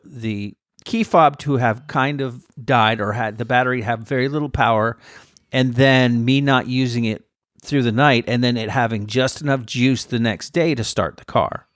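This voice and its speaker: A man's voice: mid-range voice, dry recording, studio quality. A man co-hosting a podcast, telling rambling, self-mocking stories in casual chat. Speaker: podcast co-host.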